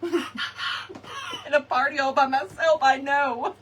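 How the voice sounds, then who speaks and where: Woman, high and lively, casual crafting host, chatty and laughing, slightly distant mic. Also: drawn-out words, noisy background. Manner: chatty, laughing, talks to viewers. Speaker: crafting vlogger. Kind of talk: casual live craft chat. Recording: distant mic with faint ambience.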